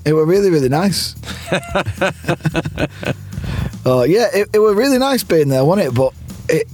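A man's voice: fairly high pitch, lively intonation, a little slow, darkish tone, faint music behind. A man chatting in a parked car outside a football ground, teasing his friend and laughing often. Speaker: podcast co-host. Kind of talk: casual matchday chat.

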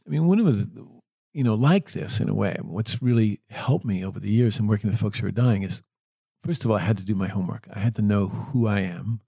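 A man who works with the dying, telling a story in a gentle, earnest way. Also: lowish voice, a little fast, creaky, breathy edge, no room sound. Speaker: end-of-life caregiver. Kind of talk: reflective storytelling.

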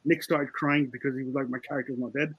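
A man, a film director and writer, talking casually in an interview and explaining his ideas in a relaxed way. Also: medium pitch, fast talker, highs cut off, heavy background noise.

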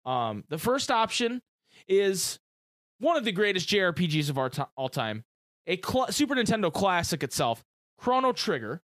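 Chatty excitable man, lively high voice. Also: normal speed, dry recording, studio quality. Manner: chatty and excitable, uses gamer slang. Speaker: podcast co-host. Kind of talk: casual chat.

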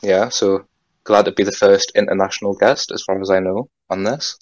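A man's voice: low voice, steady tone, moderate pace, a little mellow, no room sound, muffled recording. A young man from North East England with a Geordie accent, a podcast guest chatting casually, rambling with fillers and the odd swear. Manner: laid-back, rambling with many fillers and some swearing. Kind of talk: casual chat.

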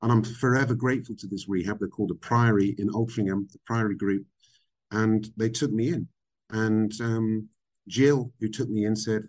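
Earnest, halting middle-aged man. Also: fairly low pitch, fairly even intonation, a little mellow. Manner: earnest, halting, with frequent ums and restarts. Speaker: guest. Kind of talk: personal recovery testimony in an interview.

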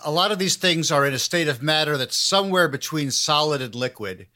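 A man's voice: fairly high pitch, expressive, fairly quick, pushed and bright. A man hosting a comedic interview, talking in a dry, mock-grandiose way, as if he made humanity. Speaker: podcast host.

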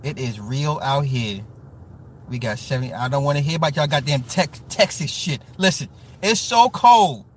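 A man from the US Midwest hosting a casual livestream, talking to chat with profane, joking, animated rants. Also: mid-range voice, normal speed, slight background noise. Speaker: livestream host reading chat.

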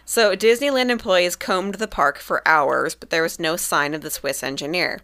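A woman's voice: fairly low pitch, moderate pace, a bit bright. A woman hosting a podcast, telling a story casually with dry jokes. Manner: narrates with dry jokes and laughs.

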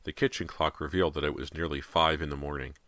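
A man reading a horror novel aloud in a measured, steady voice, close to the mic. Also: rumbling low, dry recording. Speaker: audiobook narrator. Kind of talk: scripted horror narration.

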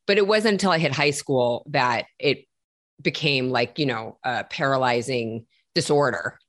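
Blunt, low-voiced woman speaking candidly. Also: moderate pace. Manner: blunt, emphatic, swears casually. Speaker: guest. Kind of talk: candid conversation.

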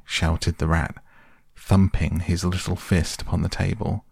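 A man reads a bedtime story softly and calmly, his voice very low with a gravelly edge. The recording is close and dry, with almost no room sound. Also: measured pace, dry recording. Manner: calm, gentle. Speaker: audiobook narrator. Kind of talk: soft bedtime story reading.

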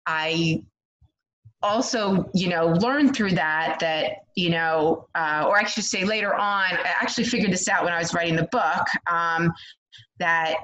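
A middle-aged woman, a guest on a podcast, tells her story in a candid, animated way with lots of "um" and "like". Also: on the low side, a little slow. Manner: candid, animated, frequent fillers like "um" and "like". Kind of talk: conversational storytelling. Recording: dull lo-fi sound.

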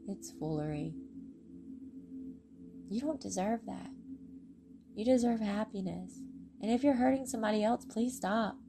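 Earnest, tired woman, gravelly voice. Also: mid-range voice. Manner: earnest, heartfelt, preachy, with pauses. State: tired, voice going. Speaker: faith testimony podcaster. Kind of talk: emotional personal testimony.

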